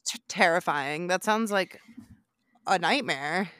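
Slow-talking bright young woman. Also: fairly low pitch, dry recording, studio quality. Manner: unhurried, reactive, frequent "like" fillers. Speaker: podcast co-host. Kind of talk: casual chat.

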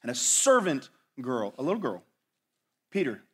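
A man preaching a sermon as pastor, swinging from loud, dramatic lines to hushed ones and asking his listeners rhetorical questions. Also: medium pitch, sing-song, normal speed, husky. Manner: asks the audience rhetorical questions.

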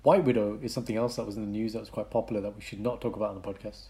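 A man co-hosting a casual podcast chat, animated, swinging between loud bursts and quieter asides. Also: on the low side, rapid-fire. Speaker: podcast co-host.

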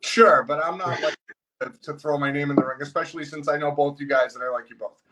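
A man's voice: fairly high pitch, quick pace, crowd noise, poor audio. Profane, ranting man in casual chat.

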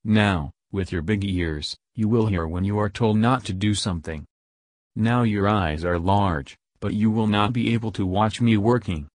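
An angry male Great Spirit from an old legend, commanding and punishing a rude creature, as a male narrator reads him. His voice is low, and the sound is dry and close. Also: normal speed, no room sound, natural voice. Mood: scolding. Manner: commanding and scolding. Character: stern, angry male Great Spirit and maker of all things.

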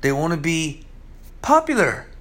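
A man delivering a sermon with a slightly high voice. He reads a passage aloud, then explains it in his own words. His delivery keeps swinging between loud, emphatic bursts and low, hushed asides. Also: big pitch swings, unhurried. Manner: reads scripture aloud and comments on it. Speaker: preacher.

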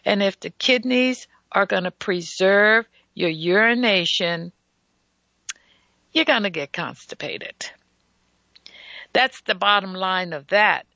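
A woman's voice: mid-range voice, takes it slowly, creaky, pauses often, sharp tone, dry recording, dull audio. A woman hosting a casual radio health talk show, emphatic and folksy, who often stutters and restarts her sentences.

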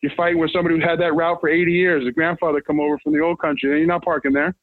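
A man's voice: a little high, racing, dry recording. A man from Brooklyn, telling rambling stories in a casual chat, restarting his sentences often. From Brooklyn, New York. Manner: rambling, animated storyteller with many restarts. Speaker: guest. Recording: tinny phone-like line, dry.

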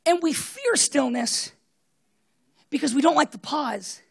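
A woman preaching a sermon, retelling a story with acted-out voices and swinging between loud bursts and hushed tones. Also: sits high, very animated, measured pace.

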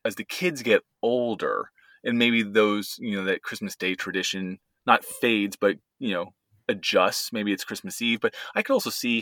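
A man's voice: on the low side, moderate pace, sharp tone, no room sound, clean studio sound. A man in his thirties co-hosting a podcast, chatting easily and rambling a little, often restarting his sentences. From United States. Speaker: podcast co-host. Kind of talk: casual family chat.

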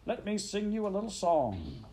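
Squeaky, gloating weasel chief for a storybook reading, voiced by a man; high and mocking. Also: wildly swooping pitch, warm tone, a little hiss or hum, heavily acted. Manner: mocking, drawn-out speechmaking. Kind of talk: audiobook character voice.

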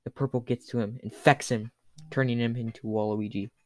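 A young man telling a rambling, absurd comic story in a crude, cursing, hurried way. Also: mid-range voice, fairly even intonation, dry recording.

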